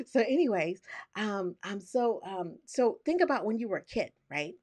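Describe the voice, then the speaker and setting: Bubbly woman presenter, lively voice. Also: medium pitch, normal speed. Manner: bubbly, chatty and excitable, with lots of "right?". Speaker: online course creator and trainer. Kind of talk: live online workshop.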